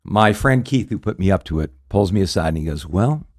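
A man's voice: sits low, lively intonation, fast talker. A man hosting a radio talk show, telling a story casually with many fillers and restarts.

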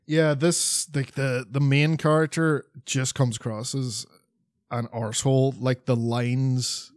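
A man's voice: mid-range voice, little pitch movement, slow, no room sound. Man, casual podcast chat, sweary and rambling, dry close sound. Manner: rambling, sweary, lots of fillers and restarts. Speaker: podcast co-host.

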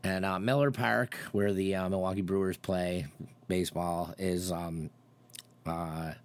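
A man with a fairly low voice chatting casually. He tells a long, rambling story and jumps up in pitch whenever he acts out what someone said. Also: steady tone, measured pace. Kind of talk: casual chat.

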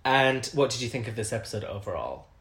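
A man's voice: medium pitch, big pitch swings, fast, fairly bright tone. Chatty man in a roomy echo. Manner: chatty, teasing, laughs often. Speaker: podcast co-host. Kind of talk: casual chat.

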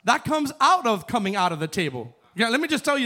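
Pastor, male, high voice, chatty sermon delivery that climbs into fervent calls. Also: sing-song, fast, hardly any pauses. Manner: conversational, builds to fervent shouting.

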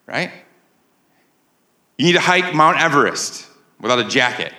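A man's voice: fairly high pitch, lively intonation, normal speed, pushed and bright, roomy sound. A man preaching a sermon as pastor to a live congregation, in a conversational way and often asking the room "right?". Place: church sanctuary with a live congregation.

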